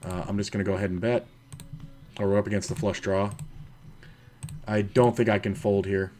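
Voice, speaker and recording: Low-voiced man thinking aloud, casually profane. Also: steady tone, moderate pace, a little mellow. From United States. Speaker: poker streamer. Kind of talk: casual commentary while playing online poker.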